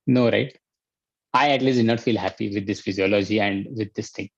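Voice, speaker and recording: A man with an Indian accent, a life coach leading an online workshop, energetic and urging, repeating his commands. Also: mid-range voice, normal speed, pauses often, dry recording, highs cut off.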